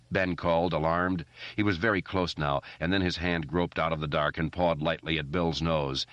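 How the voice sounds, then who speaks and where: A man narrates an audiobook in a steady, measured way. His voice is very deep, and the recording is dry and a little dull, with no room sound. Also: no room sound. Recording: dry, slightly muffled recording.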